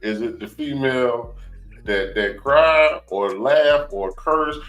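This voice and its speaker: A man's voice: medium pitch, lo-fi sound, faint music behind. A man co-hosting a casual podcast, telling stories in slang and laughing easily. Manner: lively, slangy, quick to laugh. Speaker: podcast co-host. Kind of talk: casual storytelling chat.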